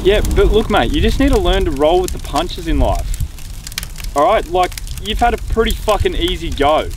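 A man's voice: high-pitched, sing-song, moderate pace, distant mic, background noise. A man playing a crude, cocky young Australian bloke with an Australian accent who swears constantly, outdoors by the water. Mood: preachy. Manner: crude, swearing, laid-back bravado.

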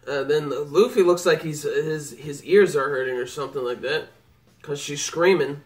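Excitable high-voiced man reacting to a manga. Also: moderate pace, faint music behind. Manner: excitable, exclaiming, rambling. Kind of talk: live reading reaction. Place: home computer setup.

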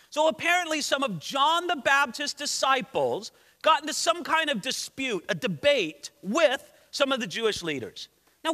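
A pastor delivers a lively, conversational sermon in a strikingly high, bright voice. His pitch swings widely as he tells the story. The sound carries a long reverb from the church sanctuary. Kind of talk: expository sermon.

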